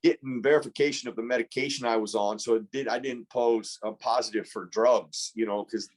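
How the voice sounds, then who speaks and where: A man's voice: mid-range voice, steady tone, brisk. A man in his fifties, a former pro football player, telling an earnest, reflective story as a podcast guest, often restarting his sentences.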